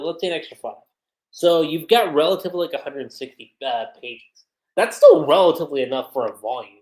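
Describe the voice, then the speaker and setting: Casual streamer, mid-pitched, very expressive delivery, recorded in a reverberant room. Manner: chatty and animated, with frequent fillers. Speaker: host reviewing a manga chapter. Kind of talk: casual livestream review. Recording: roomy echo.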